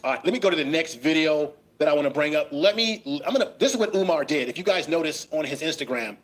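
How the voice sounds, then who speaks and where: Emphatic high-voiced man host. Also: expressive, fast. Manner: emphatic, critical, reads out posts. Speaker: commentary host. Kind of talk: casual commentary.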